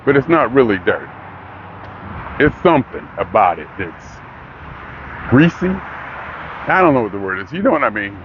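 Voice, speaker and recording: A man's voice: fairly low pitch, moderate pace, long pauses, noisy background. Older man rambling in a dull recording. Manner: rambling, talks himself into excitement. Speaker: vlogger. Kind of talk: casual monologue.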